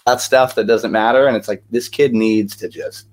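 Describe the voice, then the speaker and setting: A man's voice: fairly low pitch, fairly even intonation, moderate pace. A young man, an actor and singer, telling stories as a guest in a casual interview, chatty and full of energy, with lots of fillers.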